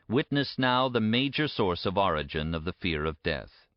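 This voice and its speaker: A man giving a measured, emphatic audiobook narration. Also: on the low side, expressive, dry recording. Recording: dry, dull lo-fi recording.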